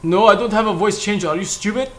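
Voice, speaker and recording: A man's voice: high voice, quick pace, crowd noise. A man streaming a game, chatting in a playful put-on Arabic-flavored accent and slipping in Arabic words, heard through a headset. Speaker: gaming streamer. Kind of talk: comedic in-character gameplay chat.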